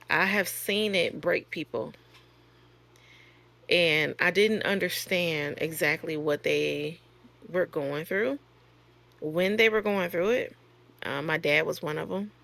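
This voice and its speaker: A woman's voice: lowish voice, gravelly, a bit bright. A woman nurse and course creator talking frankly in a casual storytelling monologue, her voice rising sharply when she retells exchanges.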